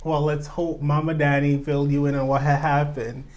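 A man co-hosting a podcast, gossiping in a sassy, animated way. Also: fairly high pitch, normal speed. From Toronto. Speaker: podcast co-host. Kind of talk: casual chat.

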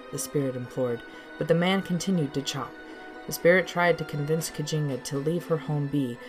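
A woman's voice: low-pitched, a little mellow. A woman narrating her own folk tale as host of a storytelling podcast. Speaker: storyteller and author.

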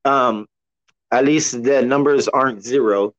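A man hosting a casual solo podcast, rambling in a relaxed way and cussing a lot. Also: medium pitch, a little slow. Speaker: podcast host. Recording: dull lo-fi sound.

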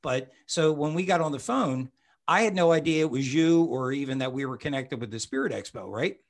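A man's voice: mid-range voice, lively intonation, a little fast. A man hosting a podcast in casual conversation with a guest. He talks in a rambling, chatty way and often restarts his sentences. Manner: rambling, self-correcting, chatty. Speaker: podcast host and psychic medium.

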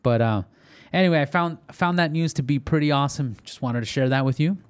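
A man's voice: a little high, fairly quick, smooth. A man hosting a podcast in a casual monologue, reading articles aloud, tripping over words and correcting himself. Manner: chatty, reads articles aloud and stumbles on words. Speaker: podcast host.

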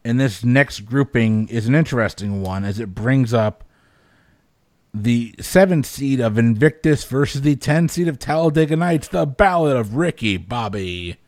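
A man's voice: mid-range voice, lively intonation, measured pace, a little mellow, no echo. A man hosts a casual podcast panel, wry and easygoing as he moderates. His mid-range voice sounds close and dry, with no room around it. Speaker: podcast host.

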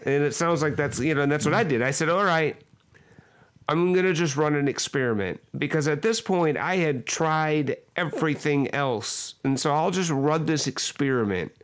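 A man hosting a podcast, chatting casually and chiming in with quick agreement. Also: on the high side, clean tone. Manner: lively, quick affirming interjections. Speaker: podcast host. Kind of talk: casual chat.

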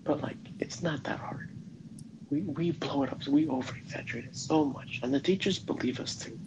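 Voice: medium pitch, normal speed, highs cut off. A student in their late teens chatting casually, blunt and opinionated, often stumbling and restarting words. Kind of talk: casual chat. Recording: noisy background.

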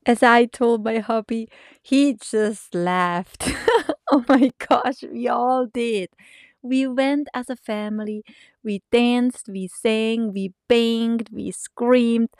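A middle-aged woman hosting a podcast, telling a personal story expressively, laughing often and dropping to hushed whispers. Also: on the high side, slow pace, dry recording, clean studio sound. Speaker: podcast host.

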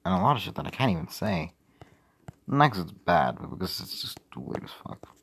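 A man's voice: sits low, sing-song, moderate pace, gravelly, a bit bright, a little hiss or hum. A young man rambling casually and profanely on a livestream, with mumbled asides. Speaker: streamer.

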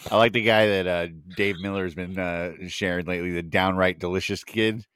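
Podcast co-host, man, lowish voice, easygoing and agreeable, dry close sound. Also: steady tone, a little fast, a bit bright, clean tone, no room sound. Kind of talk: casual chat.

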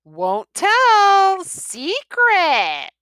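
Woman voicing shrill excited young boys. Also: extremely slow, no room sound, studio quality, exaggerated voice. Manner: shrill, shouting, breathless excitement. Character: a gang of excited costumed boys.

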